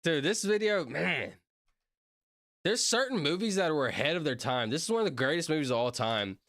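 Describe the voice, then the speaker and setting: A man rambles through casual reaction commentary and breaks into sudden excited yelps. His fairly high voice swings widely in pitch. The sound is dry and close. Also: brisk, no room sound. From Southern United States. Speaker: streamer reacting to videos.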